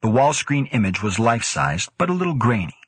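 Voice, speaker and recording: A man with a husky voice reading a story in a steady, measured way. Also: medium pitch, dry recording. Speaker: audiobook narrator. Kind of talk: scripted narration.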